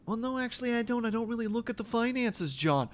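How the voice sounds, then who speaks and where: Woman putting on a bumbling American tourist man, stiff formal talk, fairly high voice, comedy skit. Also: lively intonation, fast, natural voice. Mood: sheepish. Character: clueless adult male American tourist, sheltered. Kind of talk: comedy skit role-play.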